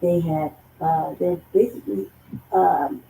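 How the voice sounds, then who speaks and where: A woman co-hosting a casual talk show, hoarse from losing her voice, rambling and profane. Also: on the low side, fairly even intonation, a little slow, mellow. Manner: rambling, profane, laughs between thoughts. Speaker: co-host. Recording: echoey room with faint noise.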